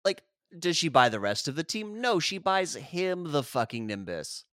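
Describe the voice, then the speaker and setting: A man talks through a film recap in loose, joking podcast chat, swearing freely and sarcastic. His pitch swings around a lot. The sound is dry and close, with no room echo. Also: sing-song, normal speed, a bit bright. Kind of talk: casual chat.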